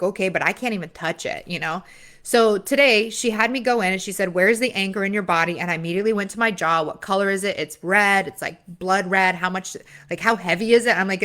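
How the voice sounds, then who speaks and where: A woman's voice: mid-range voice, fairly bright tone. Woman business coach, own voice, casual confessional vlog delivery, loose and rambling. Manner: candid, rambling, with filler and retold dialogue.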